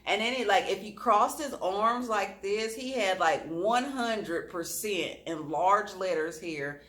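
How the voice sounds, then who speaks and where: Bright, animated woman telling a storytime. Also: mid-range voice, slow pace. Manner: animated, expressive, laughing at her own story. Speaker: vlogger.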